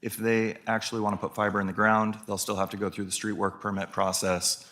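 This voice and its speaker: A man from city staff explaining a franchise agreement to the council in a measured way with fillers. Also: lowish voice, level tone, fairly bright tone.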